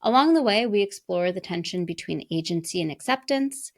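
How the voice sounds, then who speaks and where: A woman's voice: lowish voice, expressive, fairly quick, gravelly, dry recording. A woman hosting a podcast interview, reading an introduction and then chatting with her guest in an easygoing way. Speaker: podcast host.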